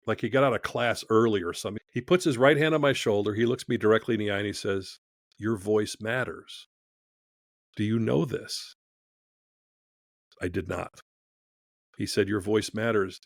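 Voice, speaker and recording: A man's voice: mid-range voice, dry recording. A man who is a podcast guest, telling a story in conversation from his studio, acting out the dialogue as he goes.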